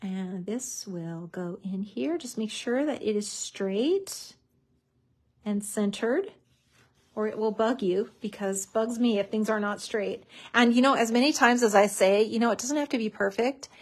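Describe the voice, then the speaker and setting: A woman's voice: mid-range voice, unhurried. A woman hosting a live crafting tutorial, chatty and bubbly, with many fillers.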